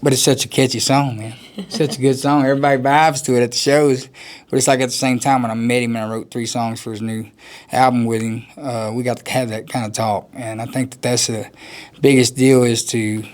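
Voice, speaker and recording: A man, a country musician, talking casually in an interview, rambling and laughing often. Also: mid-range voice. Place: outdoors at a music festival.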